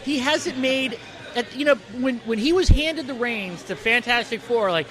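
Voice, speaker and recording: A man's voice: very high voice, moderate pace, a crowd in the background. A man co-hosting a casual podcast, rambling with lots of fillers and restarts, recorded in the corner of a bar. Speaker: podcast co-host. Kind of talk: casual chat.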